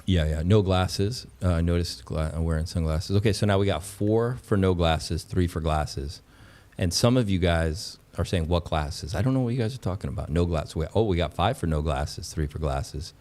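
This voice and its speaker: A man with a very low voice hosts a casual livestream. He talks straight to his viewers with an excitable, repetitive way of speaking. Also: moderate pace. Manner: excitable, repeats phrases, talks to chat as "pups". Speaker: livestream host. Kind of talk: casual crypto livestream chat.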